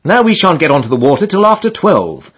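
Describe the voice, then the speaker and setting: A man's voice: high voice, sing-song, a little fast, slightly rough, pitched above the performer's own voice, exaggerated voice. A male reader voicing a grumpy, quarrelsome young man who snaps out peevish retorts.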